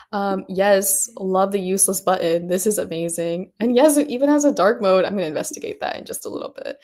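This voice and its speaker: A woman's voice: medium pitch, fairly quick, hardly any pauses, dark tone. Bubbly, giggly young-sounding woman streamer. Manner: bubbly, gushing, giggly, frequent "um" and "oh my God". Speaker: workshop host. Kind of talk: casual livestream commentary.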